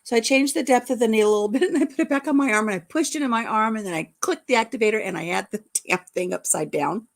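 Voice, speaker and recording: A woman's voice: a little high, quick pace, gravelly, hardly any pauses. A woman hosting a casual livestream, chatting in a rambling way and greeting viewers by name. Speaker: vlog host.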